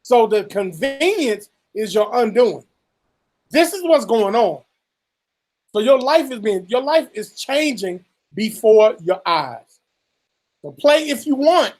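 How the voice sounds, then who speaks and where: Co-host ranting casually, swears a lot, mocks people then lectures, mid-pitched voice. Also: sing-song, slow pace, darkish tone. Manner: profane, mocking, acts out what others say; lecturing, warns the listeners. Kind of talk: casual commentary chat.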